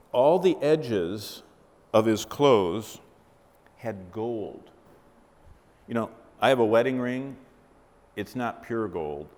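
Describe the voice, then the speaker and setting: A Bible teacher preaches a sermon in a reverberant hall, telling a story vividly and putting questions to his listeners. His voice is medium-pitched with a darkish tone.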